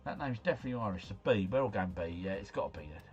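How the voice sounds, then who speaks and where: A man's voice: lowish voice, animated, racing, darkish tone, highs cut off. A man hosting a casual livestream, talking himself through answers in a chatty, slangy ramble. Faint music runs behind him. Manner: chatty, musing aloud, slangy. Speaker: livestream host.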